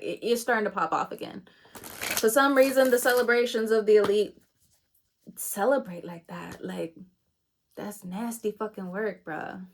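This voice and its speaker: A young woman reads tarot in a loose, rambling way, laughing at her own jokes and swearing now and then. Her voice sits at an everyday middle pitch. She talks as if chatting with friends. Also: slight background noise. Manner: chatty, meandering, laughs at herself, swears casually. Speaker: tarot reader. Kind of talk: casual tarot reading.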